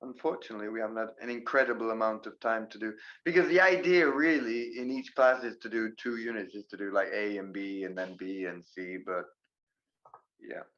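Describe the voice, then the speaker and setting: A man teaching English in a live online class, explaining grammar with lively examples. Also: on the low side, dull audio.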